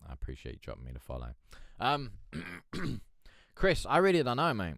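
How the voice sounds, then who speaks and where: A man hosting a casual live stream with a flat, droll Eeyore-like voice, chatting, swearing and reading out the chat. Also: mid-range voice, normal speed, vocal fry, no echo, clean studio sound. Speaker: livestream host.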